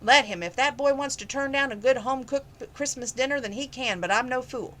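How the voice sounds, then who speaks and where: A man's voice: very high voice, a little fast, pushed and bright, voice pushed up. A woman reading aloud, voicing a kindly old man who teases fondly in a folksy way. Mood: warm teasing. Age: older. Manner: folksy, teasing.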